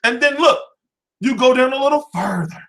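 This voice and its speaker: A man's voice: very high voice, normal speed, creaky. A man hosting a boxing channel, delivering a brash, profanity-heavy rant straight to camera. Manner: brash and animated, swears constantly.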